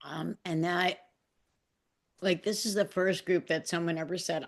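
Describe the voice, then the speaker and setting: A woman's voice: on the low side, steady tone, measured pace, creaky, long pauses. Emotional woman sharing personally. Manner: emotional, self-deprecating, many restarts. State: emotional, near tears. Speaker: group participant. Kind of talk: casual heartfelt sharing.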